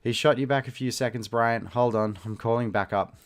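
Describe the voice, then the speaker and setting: A man's voice: deep voice, steady tone, a little fast, clear, resonant tone, natural voice. A man voicing a worried mall security coworker calling over the radio, urgent and fussing.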